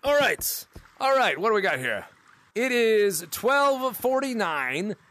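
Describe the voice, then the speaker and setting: High, lively, bright-voiced man streaming excitedly. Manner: energetic, laughing often, quick restarts. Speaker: VR game streamer meeting fans. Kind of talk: excited live gaming chat. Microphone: VR headset mic.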